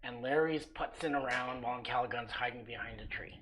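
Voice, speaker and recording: Lively woman recapping a tabletop game. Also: very deep voice, fairly quick, rough recording. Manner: lively, animated storytelling with quoted voices. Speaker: game master. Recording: live stream with faint background noise.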